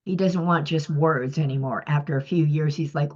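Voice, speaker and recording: A woman giving an earnest, self-critical testimony in a church group discussion, emphatic and often clearing her throat. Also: low-pitched, steady tone, moderate pace, darkish tone. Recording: muffled lo-fi recording.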